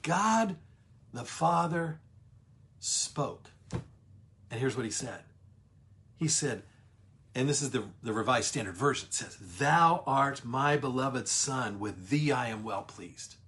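A middle-aged man leading a livestreamed Bible study, emphatic, slowing down on key words and greeting viewers as they join. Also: medium pitch, lively intonation, fairly bright tone.

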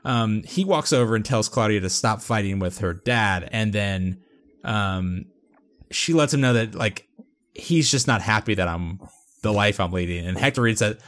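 A man's voice: on the low side, normal speed, a bit bright. A man hosting a podcast, chatting casually through an episode recap with lots of fillers. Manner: chatty, filler-heavy storytelling.

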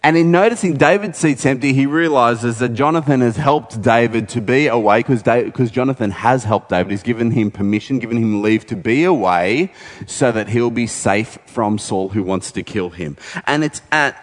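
A man's voice: mid-range voice, moderate pace, long reverb tail. A man preaching a sermon in a conversational storytelling way, retelling scripture with casual asides.

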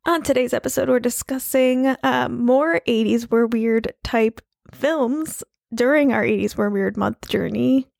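A woman co-hosts a casual chat podcast while recovering from illness, so her slightly high voice comes out gravelly and rough. She rambles, restarts and jokes about herself. The sound is dry and close. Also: measured pace, darkish tone, no room sound. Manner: self-deprecating, rambling with restarts. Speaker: podcast co-host.

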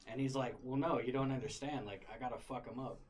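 A man's voice: mid-range voice, quick pace, a little hiss or hum. A young man casually retelling a wild story, full of swearing and laughter. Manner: profane, animated, laughing retelling.

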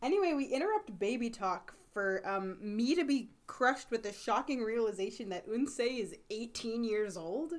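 Animated young woman recapping a show. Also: fairly high pitch, normal speed, few pauses. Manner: animated, laughs often, acts out quotes. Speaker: podcast co-host. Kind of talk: casual chat recapping a drama.

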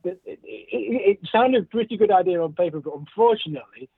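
A man's voice: sits high, animated, quick pace, breathy edge, no room sound. A man chatting casually as a guest, hesitant and often repeating his words as he talks. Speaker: guest, former racer. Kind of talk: casual chat. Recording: tinny phone-like line.

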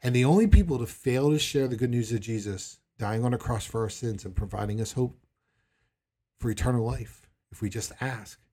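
Man, pastor, sermon, conversational, acts out quotes, mellow tone. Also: mid-range voice, moderate pace, slightly rough.

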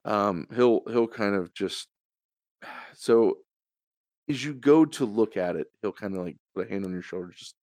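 A man's voice: on the low side, a little slow, darkish tone, no echo, studio quality. A man running a tabletop game as game master, narrating hesitantly with many fillers.

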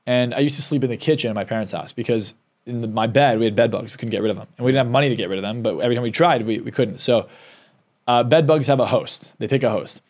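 A man guesting on a podcast as a success coach, telling his own story in a candid, emotional way. He talks quickly, and his pitch sits in a middle range. He often doubles back and restarts his sentences. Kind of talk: personal storytelling in a podcast interview.

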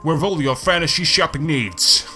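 A man's voice: fairly high pitch, expressive, normal speed, sharp tone, faint music behind. A man doing a drunk, sweary TV shopping salesman. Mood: hyping. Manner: brash, sweary sales patter. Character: drunk foul-mouthed male TV shopping salesman. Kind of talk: comedy skit.

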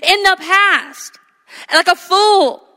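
High bright woman preaching in an echoey hall. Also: slow. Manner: emphatic, repeats phrases, calls for amens. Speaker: pastor. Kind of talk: sermon. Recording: echoey hall with long reverb.

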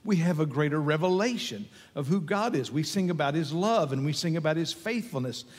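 A man's voice: on the high side, expressive, a little fast, breathy edge, in a large hall. A man preaching a sermon as pastor, emphatic and repetitive, building in intensity.

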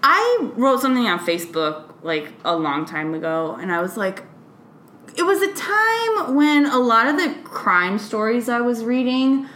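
A woman co-hosting a podcast in casual chat, telling stories in an animated way and swearing freely. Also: on the high side, measured pace, reverberant, slight background noise. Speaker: podcast co-host.

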